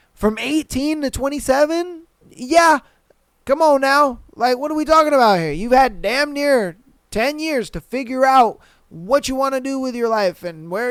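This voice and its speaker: Blunt high-voiced male podcast host. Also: clear, resonant tone, no echo. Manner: blunt, swears freely, animated slang. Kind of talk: casual podcast commentary, reading posts aloud.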